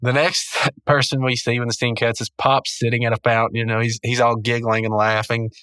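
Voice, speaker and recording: Male podcast host, rambling casual recap, bright tone, dry close mic. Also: medium pitch, little pitch movement, a little fast, clean tone, no echo. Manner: rambling, self-correcting, chuckling.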